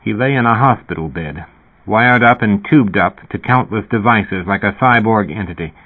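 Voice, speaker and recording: A man reading science fiction as an audiobook narrator in a steady, even storytelling manner, over a phone-like narrow sound. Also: on the low side, moderate pace, slightly rough.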